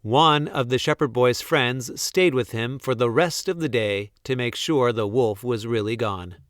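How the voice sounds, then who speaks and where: A man reads a children's story aloud at a slow, unhurried pace. His voice is smooth and clear, with a close, dry sound. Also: mid-range voice, no echo. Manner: slow, gentle, expressive storytelling. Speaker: storybook reader.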